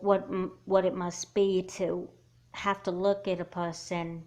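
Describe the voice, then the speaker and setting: A woman voicing an angry, hurt teenage girl in a doll movie, talking in a halting, sighing way. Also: on the low side, close to an everyday voice.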